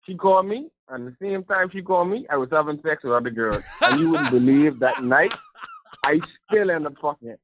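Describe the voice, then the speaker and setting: A man's voice: fairly high pitch, expressive, brisk, fairly bright tone. A man from the Bahamas calling in to a talk show, telling brag stories with chuckles. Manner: boastful, chuckling storyteller. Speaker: caller. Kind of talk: phone-in chat. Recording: tinny phone line.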